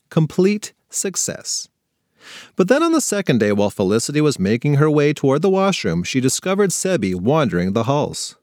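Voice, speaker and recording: A man's voice: medium pitch, a little mellow, no room sound, clean studio sound. Playful man telling a kids' story. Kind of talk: scripted narration for kids.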